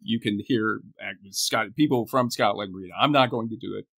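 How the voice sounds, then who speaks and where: A man co-hosting a podcast in casual chat, talking in halting phrases full of restarts. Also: fairly low pitch, gravelly, a bit bright. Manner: halting, restarts phrases, reads poetry aloud. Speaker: podcast co-host.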